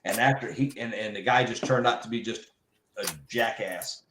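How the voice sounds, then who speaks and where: A man telling a casual shop story, animated and mimicking the people he quotes. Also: lowish voice, normal speed, reverberant, slight background noise, low-quality recording.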